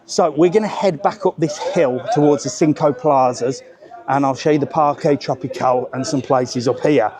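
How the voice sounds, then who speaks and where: A man's voice: mid-range voice, normal speed, crowd noise. A man with a Birmingham accent, chatting casually as he walks outdoors on a live travel vlog, full of informal slang. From Birmingham, England. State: out of breath. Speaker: travel vlogger. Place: outdoors on a hillside street.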